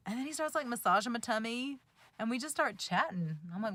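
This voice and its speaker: A woman in her thirties vlogging from inside a parked car, telling a story in an animated, giggly, chatty way. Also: fairly high pitch, brisk. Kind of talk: casual storytelling to camera.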